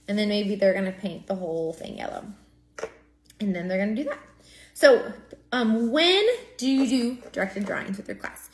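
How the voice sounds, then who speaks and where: A woman's voice: a little high, moderate pace. A woman who teaches preschool, explaining a classroom drawing method and acting out the step-by-step talk she uses with children. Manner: models classroom talk, animated sing-song demonstration voice. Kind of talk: teacher training tutorial. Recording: echoey room.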